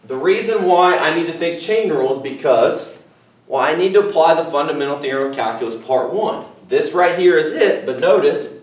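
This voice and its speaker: Man teaching math in an echoey room. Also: fairly high pitch. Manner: explains step by step, often saying "okay" and "guys". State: voice cracking a little. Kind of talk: classroom math lecture. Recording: echoey room, mic far off.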